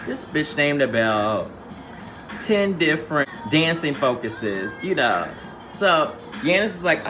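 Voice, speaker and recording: A man's voice: fairly high pitch, very animated, takes it slowly, music in the background. A man recapping a reality show in a sassy, slangy, theatrical storytelling manner. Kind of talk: casual recap commentary.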